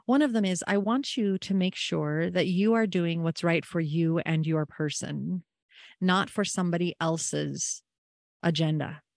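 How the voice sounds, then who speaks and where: A woman's voice: on the low side, measured pace, vocal fry, no echo, studio quality. A woman hosting a caregiving podcast, telling a personal story in an earnest, emotional, reflective way. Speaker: podcast host and family caregiver.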